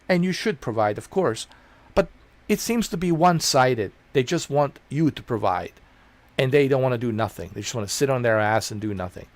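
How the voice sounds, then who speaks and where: Brief: a male streamer with a gravelly voice on a casual, profane, rambling rant. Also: mid-range voice, animated, normal speed. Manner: rambling, blunt and profane, repeats himself. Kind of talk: casual ranting chat.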